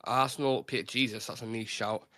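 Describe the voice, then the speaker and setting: Man, bright tone, dry close sound, casual quiz banter. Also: mid-range voice, fairly even intonation, no echo. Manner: quick banter, reads out answers. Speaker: podcast host running a football quiz. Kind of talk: casual chat.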